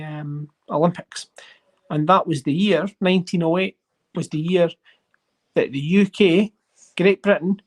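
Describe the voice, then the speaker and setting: A host chatting casually on a livestream while sorting coins, rambling and getting excited over finds. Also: mid-range voice. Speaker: coin collecting channel host.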